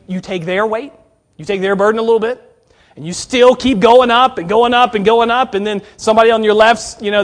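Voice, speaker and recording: A high-pitched man preaching a sermon to college students. His talk is conversational and earnest, addressed straight to the listeners, and it swings from forceful emphasis down to quiet, near-hushed asides. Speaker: preacher at a Bible college chapel.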